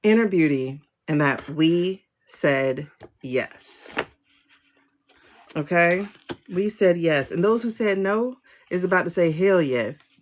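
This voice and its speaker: Slow-talking woman hosting a live tarot reading. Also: on the low side, expressive. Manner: emotional and exclamatory, addressing viewers as y'all. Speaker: tarot reader hosting a livestream. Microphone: phone livestream.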